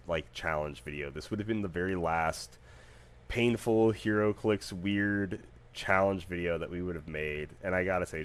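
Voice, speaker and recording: A man hosting his own podcast, telling stories in a casual, animated, jokey way with plenty of fillers. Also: deep voice, clean tone. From United States. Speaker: podcast host. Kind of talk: casual solo podcast storytelling.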